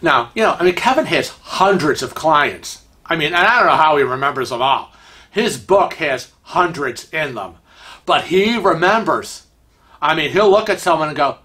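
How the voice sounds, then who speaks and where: A man's voice: fairly high pitch, expressive, normal speed, sharp tone. A man hosting a show, telling funny stories in a chatty way and laughing along. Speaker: host. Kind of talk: casual storytelling.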